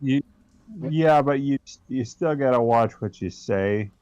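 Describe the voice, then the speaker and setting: A man's voice: medium pitch, a little slow, a little mellow, no room sound. A man playing a tabletop game, thinking aloud and hesitating as he describes his moves, on a dull lo-fi mic. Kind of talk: casual play and banter.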